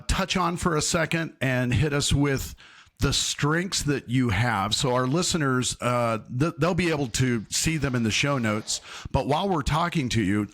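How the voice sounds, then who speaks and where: A man hosting a podcast interview, enthusiastic and quick with interjections. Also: mid-range voice, fairly bright tone. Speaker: podcast host.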